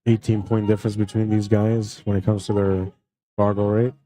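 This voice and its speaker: A man commentating a live pool tournament stream in a relaxed, friendly way, reading out chat comments between shots. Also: fairly low pitch, moderate pace. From Canada.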